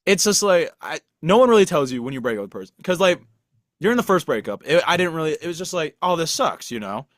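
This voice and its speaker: A man's voice: on the high side, very animated, fast, dry recording, studio quality. A young man co-hosting a podcast, talking casually in a rambling, self-deprecating way, with lots of restarts and fillers. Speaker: podcast co-host. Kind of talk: casual chat.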